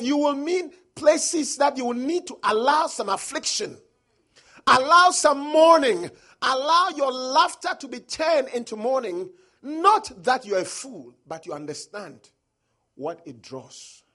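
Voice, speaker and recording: A male preacher with a husky voice delivers an emphatic sermon. His pitch sits high and leaps around a lot as he quotes scripture and drives his points home. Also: sharp tone.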